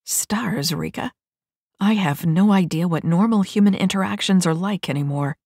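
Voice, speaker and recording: A woman voicing a weary, bitter veteran female mech soldier who speaks in a sour, quiet grumble. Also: fairly low pitch, moderate pace, slightly rough, no room sound, clean studio sound.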